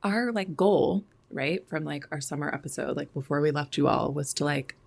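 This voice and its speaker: A woman's voice: deep voice, steady tone, moderate pace, creaky. A woman co-hosting a podcast in casual chat, laid-back and rambling with lots of fillers. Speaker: podcast co-host.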